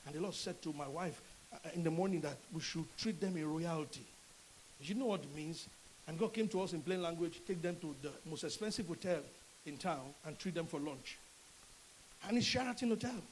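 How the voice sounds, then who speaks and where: This is a middle-aged Nigerian man delivering a sermon, his voice sitting noticeably high. He preaches with animation, dropping into little acted voices for the people in his stories. A faint hiss runs under the recording. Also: normal speed, poor audio. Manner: animated preaching, acts out dialogue in changing voices. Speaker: pastor.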